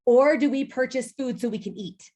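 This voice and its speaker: A woman's voice: sits high, moderate pace, darkish tone. A woman in her thirties from the United States, giving a motivational talk to a sales team and speaking to the audience directly. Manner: emphatic, personal storytelling, addresses the audience directly.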